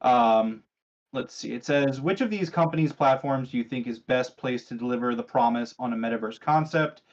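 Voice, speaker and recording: A man's voice: mid-range voice, moderate pace, lo-fi sound. A man hosting a casual gaming podcast, reading news items aloud and asking co-hosts questions, with a sarcastic streak. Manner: chatty, sarcastic, leads the discussion. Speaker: podcast host.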